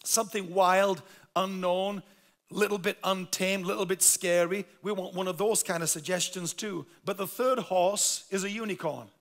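Yorkshire guy preaching, pretty high voice, bright and punchy, tells funny stories with lots of emphasis. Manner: emphatic, humorous storytelling. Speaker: pastor. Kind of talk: sermon.

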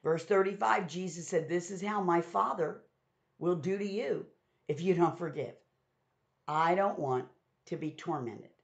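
Speaking at a measured pace with vocal fry, this woman's lowish voice carries a sermon-style Bible teaching. She puts scripture into plain modern language, and the audio is dull and lo-fi.

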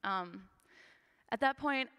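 A young woman in her twenties shares her life story from a church stage in an earnest, chatty way, with plenty of ums and likes. Her voice sits fairly high for a woman. It rings out with a long reverb through the sanctuary. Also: slow pace, pushed and bright, clear, resonant tone. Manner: earnest and conversational, with frequent fillers. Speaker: church member giving testimony. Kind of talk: personal testimony storytelling.

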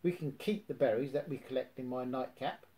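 A man doing Winnie, a soft slow bear. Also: medium pitch, close to an everyday voice. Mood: musing. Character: slow gentle male bear, sweet and simple.

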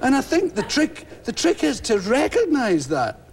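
A Scottish man, a guest comedian, telling animated stories on a talk show and acting out voices and crowd shouts. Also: extremely high pitch, normal speed, vocal fry, husky. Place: television studio.

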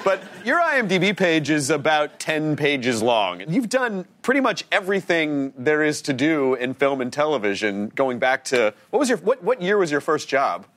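A man in his forties hosting a TV talk show with an enthusiastic, energetic manner. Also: on the high side. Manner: energetic, enthusiastic, quick asides. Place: TV studio with live audience.

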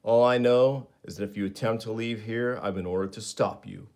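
A man's voice: fairly low pitch, fairly even intonation, moderate pace, darkish tone, close to an everyday voice. A man voicing a hard, blunt male government agent who threatens force in a comic read-aloud. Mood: threatening.

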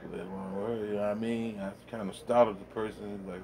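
A man's voice: lowish voice, flat delivery, quick pace, creaky, few pauses, background noise. A middle-aged man rambling bluntly in a casual monologue, full of profanity, recorded at home in his man cave. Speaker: vlogger.

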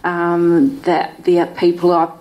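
A woman in the audience of a spiritual retreat asks a long, searching question. She speaks in a lowish voice, hesitating often and filling gaps with soft ums. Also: completely flat delivery, takes it slowly, highs cut off. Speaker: retreat participant.

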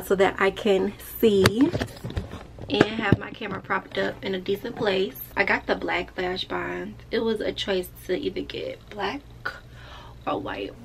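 A woman's voice: medium pitch, creaky, noisy background. A woman who works as a lash tech, chatting casually and playfully straight to her viewers in a vlog.

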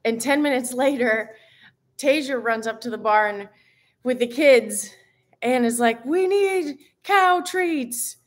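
Woman, fitness coach, live stream chat, bubbly, giggly, slightly high voice. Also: steady tone, a little slow.

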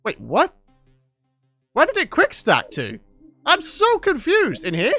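A man giving excitable Let's Play commentary while gaming, often exclaiming and laughing. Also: very high voice, slow, dry recording, soft background music. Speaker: gaming YouTuber.

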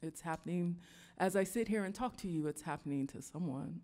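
Woman, musician telling a story, low voice, reflective, hesitant, long hall echo. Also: dark tone. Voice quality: reflective, earnest, halting with fillers. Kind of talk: live storytelling talk. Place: stage in a large hall before an audience. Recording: long hall reverb, live venue.

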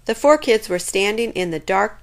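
A woman reading a children's chapter book aloud in an expressive, lively way. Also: medium pitch, moderate pace. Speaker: storyteller.

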